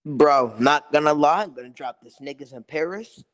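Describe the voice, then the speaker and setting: A man's voice: on the high side, moderate pace. A young man talking brashly in hyped-up slang during casual podcast chat.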